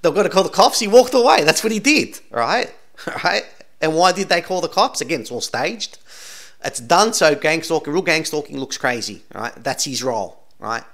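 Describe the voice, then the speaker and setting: A man's voice: on the high side, expressive, moderate pace, creaky, a bit bright. A man talking through video clips in casual commentary, insistent and rambling, tagging almost every sentence with "right?". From Australia. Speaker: channel host commenting on videos.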